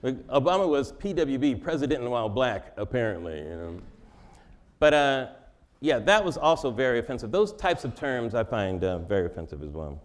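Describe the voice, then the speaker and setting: A man's voice: medium pitch, very animated, normal speed. A man answering interview questions in a joking, conversational way, laughing often. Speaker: interview guest.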